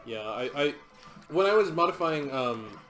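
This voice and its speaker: A man's voice: on the high side, lively intonation, moderate pace, fairly bright tone. A man co-hosting a let's play, making irreverent jokes and chatting casually about games and role-playing. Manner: wisecracking, irreverent. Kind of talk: casual gameplay commentary.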